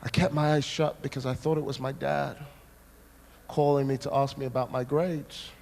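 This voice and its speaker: A man preaching a sermon, telling a personal story with dramatic, animated delivery. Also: mid-range voice, moderate pace, vocal fry, a little hiss or hum.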